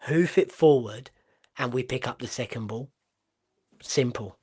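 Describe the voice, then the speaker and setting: A man from Portugal who speaks streams a live football watchalong. His voice sits at an ordinary middle pitch. He is blunt and excitable, firing off sudden exclamations and the odd swear word. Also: measured pace, breathy edge. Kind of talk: live match watchalong commentary.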